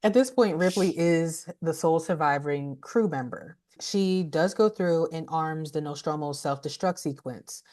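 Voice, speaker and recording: Woman on a podcast retelling a movie plot, kinda low voice, blunt, swears, laughs a lot. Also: unhurried, few pauses. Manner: animated, laughing, blunt and profane. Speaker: podcast co-host, movie reviewer. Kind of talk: casual movie recap.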